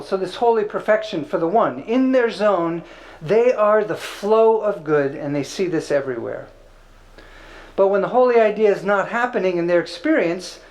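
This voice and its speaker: A man's voice: high voice, poor audio. A man teaching an informal spiritual class, conversational and playful, with filler words.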